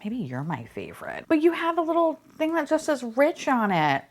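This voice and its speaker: A woman talks through a toy unboxing in a casual, excitable rush. Her pitch leaps all over the place as she gushes, curses playfully and breaks into squealing laughter. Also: normal speed. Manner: gushing, swearing, bursts of squealing laughter. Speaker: unboxing vlogger.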